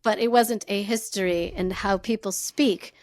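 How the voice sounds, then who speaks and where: A young woman co-hosting a podcast, chatting and telling a story in a relaxed, hesitant way. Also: medium pitch, moderate pace, dry recording, clean studio sound. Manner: relaxed, hesitant, many fillers. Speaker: podcast co-host. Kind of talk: casual chat and storytelling.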